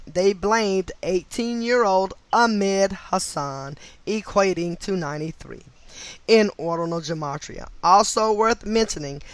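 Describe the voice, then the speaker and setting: A woman with a mid-range voice reads a nonfiction book aloud in a recording with no echo. She pauses to spell names out letter by letter and drops in brief asides of agreement.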